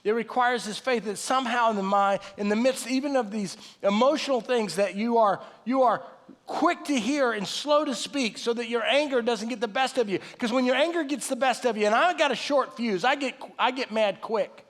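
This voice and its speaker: A man in his late fifties preaching a sermon in a folksy, animated way with self-deprecating asides. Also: very high-pitched, moderate pace. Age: 50s. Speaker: pastor. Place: large church hall. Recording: live sermon with long hall reverb.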